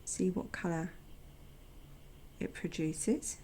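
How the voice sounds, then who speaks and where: A woman hosting a watercolor channel, chatting gently as she paints swatches, sometimes dropping to a soft near-whisper and making self-deprecating asides. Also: on the low side, steady tone, slow pace, slight background noise. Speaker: watercolor artist and channel host. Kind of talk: casual narration while painting swatches.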